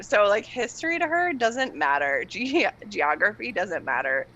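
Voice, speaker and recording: A young woman in casual chat, telling animated stories, acting out quotes and laughing often. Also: medium pitch, measured pace, rough recording. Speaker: guest.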